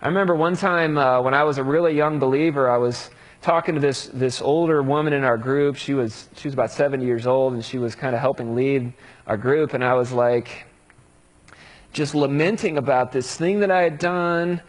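A man preaching a sermon in a relaxed, conversational way, acting out the voices of people he quotes. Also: medium pitch, normal speed. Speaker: pastor.

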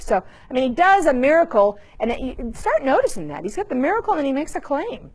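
Animated woman giving a Bible talk. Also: high-pitched, fast, hardly any pauses. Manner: animated, conversational, many restarts and acted asides. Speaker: Bible teacher. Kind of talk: informal Bible teaching.

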